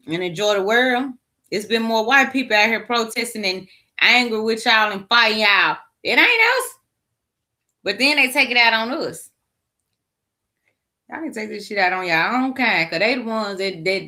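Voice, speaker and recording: A woman speaks straight to camera in an impassioned rant, her tone bright and cutting. She sounds worn out and fed up, and she keeps restarting and repeating phrases as she presses her point. Her voice sits at an everyday middle pitch. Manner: heated, exasperated, repeats herself. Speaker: vlogger.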